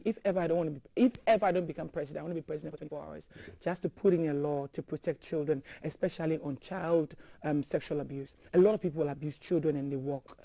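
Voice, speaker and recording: A woman's voice: low-pitched, mellow, dry recording, rough recording. A woman from Ghana, a guest in an interview, talking through tears and breaking off mid-sentence. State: crying. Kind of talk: emotional interview talk.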